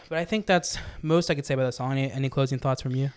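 A man's voice: medium pitch, animated, fast talker, smooth. A young man rambling enthusiastically in a casual music review chat, full of fillers. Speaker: podcast co-host.

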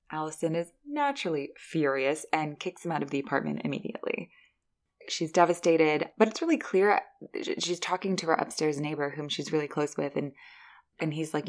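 A woman hosting a podcast, giving a chatty, animated recap of a movie. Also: low-pitched. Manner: chatty, animated storytelling with laughs. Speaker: podcast host reviewing a film.

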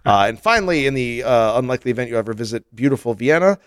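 A man's voice: medium pitch, lively intonation, fast talker, clear, resonant tone, no echo, studio quality. A man co-hosting a podcast, chatting casually and joking while reading listener mail. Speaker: podcast co-host. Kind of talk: casual chat.

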